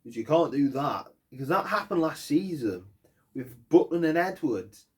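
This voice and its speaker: A man's voice: a little high, very animated, normal speed. A man giving an angry post-match fan rant, swearing heavily and hammering his points. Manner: angry, heavy swearing, emphatic. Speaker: football fan vlogger.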